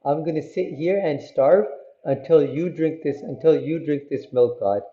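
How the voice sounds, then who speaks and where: A man's voice: a little high, normal speed, lo-fi sound, lightly acted. A man voicing a young boy devotee who earnestly pleads with God, in a roomy recording. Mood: pleading.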